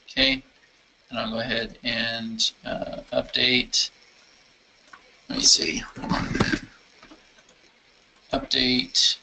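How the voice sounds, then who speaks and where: Bright, upbeat man hosting a live Q&A. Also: mid-range voice, completely flat delivery, slow, gravelly, pauses often, a little hiss or hum, low-quality recording. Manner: enthusiastic, rambling, thinks aloud while clicking around. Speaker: software company founder answering user questions. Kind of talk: casual live Q&A with screen demo.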